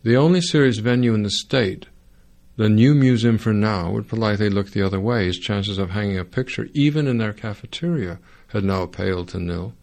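A man narrating a first-person audiobook in a wry, sardonic way, with dry dark humor. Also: on the low side, brisk, creaky.

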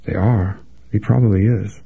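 A man's voice: on the low side, fairly even intonation, moderate pace, vocal fry, husky, heavily acted. A man reading an audiobook, voicing a frightened young woman who talks in tremulous half-whispers. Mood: bewildered. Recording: dry, phone-like narrow sound.

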